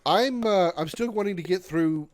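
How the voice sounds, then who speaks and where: A man's voice: high-pitched, moderate pace. A man in his thirties casually chatting with viewers on his gaming livestream, sarcastic and swearing, reading chat aloud and yelping when his character is in danger. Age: 30s. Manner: yelps loudly when in danger in the game.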